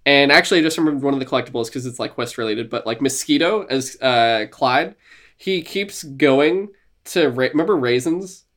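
A man co-hosting a podcast in casual gaming chat, animated and laughing, acting out lines from games he describes. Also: mid-range voice, normal speed. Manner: animated, laughing, acts out quotes. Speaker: podcast co-host.

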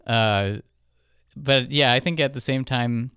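Guy w a lowish smooth voice chatting loosely, lots of ums, dry close mic. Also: slow, dry recording. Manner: relaxed, thinks aloud with fillers. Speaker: film composer. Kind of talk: casual podcast chat.

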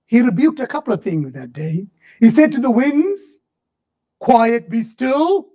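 A man preaching a sermon, swinging between fervent shouts and low, drawn-out murmurs. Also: sing-song.

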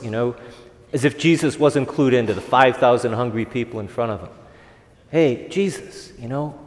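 A man, a priest, giving a conversational homily at an evening Mass, asking the congregation rhetorical questions. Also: mid-range voice. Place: church. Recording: long reverb of a church.

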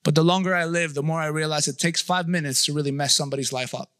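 A man's voice: a little high, steady tone, fast, fairly bright tone, dry recording, clean studio sound. A man in his thirties giving a conversational sermon, often checking in with his listeners. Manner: conversational preaching, asks the audience. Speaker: pastor.

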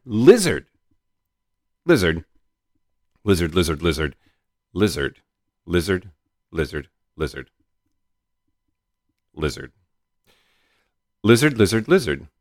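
A man's voice: on the low side, dry recording, studio quality. A man co-host giving a mock-dramatic reading, over the top and swooping. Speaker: podcast co-host.

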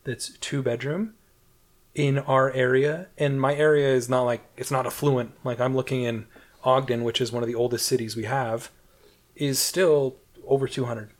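A man's voice: medium pitch, steady tone, normal speed. A man from Utah co-hosting a casual podcast chat, loose and joking, laughing often. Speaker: podcast co-host.

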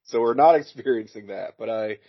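A man's voice: fairly low pitch, fairly quick. A man guesting on a podcast, rambling with dry jokes and lots of fillers. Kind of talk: casual live-watch chat. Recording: dull lo-fi sound.

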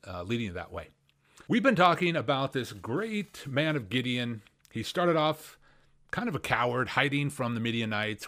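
A male pastor speaking on a radio Bible program at a mid pitch. He preaches conversationally, slipping into quoted voices and rising with animated emphasis. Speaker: pastor and radio show host.

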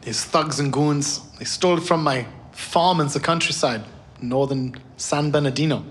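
A man voicing a weary, gentle male scientist who speaks formally and sadly. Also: a little high. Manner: formal, melancholy speech.

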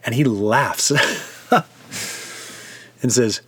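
A man's voice: mid-range voice, moderate pace. Man telling a vivid devotional story. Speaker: preacher.

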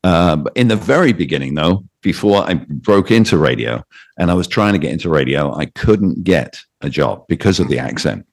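A British man with a British accent, a radio DJ and author telling lively anecdotes as an interview guest. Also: sits low, normal speed. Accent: British English. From Britain. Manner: animated anecdotes with quoted voices. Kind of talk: storytelling interview.

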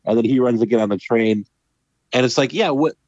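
Male podcast co-host, animated and casual, dry muffled recording. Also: medium pitch, a little fast, no echo. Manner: animated, acts out characters' lines. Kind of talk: casual film discussion. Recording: dull lo-fi sound.

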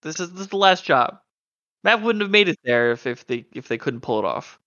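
A bubbly, optimistic woman of about thirty, voiced by a man, in a tabletop role-play. The voice is bright and tumbles over its words. The audio is muffled and lo-fi. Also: fairly high pitch, expressive, brisk, pitched above the performer's own voice. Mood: eager. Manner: eager, stumbling, fussing.

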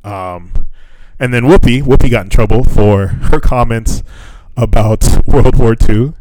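A man's voice: mid-range voice, a little slow, background noise. A man co-hosting a podcast in loose, casual chat, swearing freely and laughing often. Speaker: podcast co-host.

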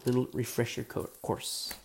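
A man preaches a relaxed, talky sermon, reading verses and then explaining them. His voice sits at an ordinary pitch with a gravelly edge, and he fills his sentences with "you know" as he goes. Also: moderate pace. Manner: conversational preaching with many "you know" fillers. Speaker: pastor. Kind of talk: expository sermon.

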